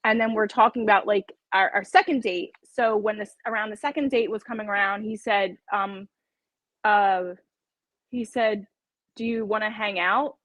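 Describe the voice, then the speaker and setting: A woman's voice: mid-range voice, normal speed, a bit bright, dry recording, rough recording. A woman talking casually as an interview guest, chatty and laughing often as she acts out her own dialogue.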